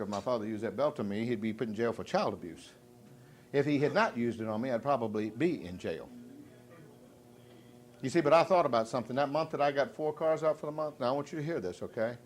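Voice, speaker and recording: A man's voice: mid-range voice, slight background noise. A middle-aged man, from Virginia, giving a live motivational sales speech full of jokes and questions to the crowd. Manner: dramatic swings from loud to hushed, joking, audience call-and-response.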